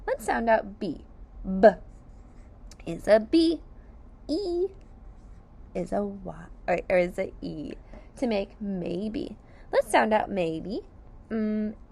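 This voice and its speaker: A woman teaching young children sight words and compound words, sounding out each part slowly and clearly with encouraging praise. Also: medium pitch, very animated, dark tone. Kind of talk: sight word and phonics lesson for young children.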